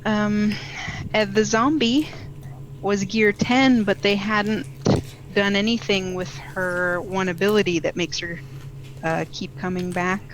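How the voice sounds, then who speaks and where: A woman's voice: mid-range voice, fairly even intonation, takes it slowly, low-quality recording. Chatty woman gaming co-host. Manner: chatty, rambling, with fillers. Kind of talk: casual livestream chat.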